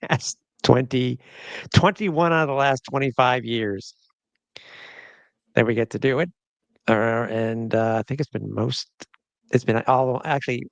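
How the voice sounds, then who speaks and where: A man's voice: mid-range voice, creaky, no room sound. A middle-aged man hosting a casual sports podcast, rambling and joking, often laughing. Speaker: podcast host.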